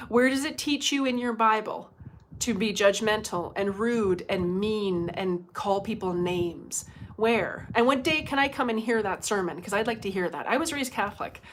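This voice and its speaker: A woman's voice: medium pitch, moderate pace, slight background noise. A middle-aged woman, a psychic medium, chatting casually on a livestream, laughing often and swearing bluntly.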